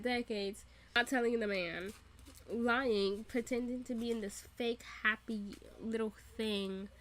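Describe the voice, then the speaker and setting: A woman hosting a reaction video, ranting casually and animatedly with a lot of swearing. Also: on the high side. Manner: profane, animated, laughing rants.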